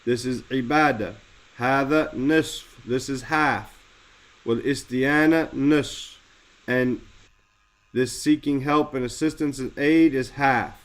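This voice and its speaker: A man teaching a religious text lesson, explaining word by word and slowing down to stress key terms. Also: medium pitch.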